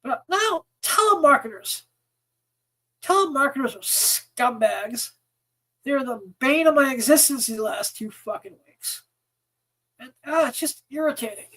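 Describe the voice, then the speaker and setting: A male podcast host, in a profane, exasperated rant that rolls on and on. His voice sits unusually high for a man. He talks angrily and swears often. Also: expressive, unhurried, a bit bright, low-quality recording. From United States. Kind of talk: profane ranting monologue.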